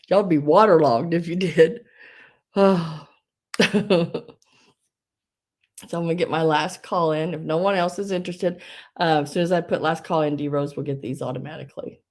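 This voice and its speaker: A woman's voice: on the low side, moderate pace, pauses often, darkish tone. A woman hosting a live online sale, chatting casually, giggling often and restarting her sentences.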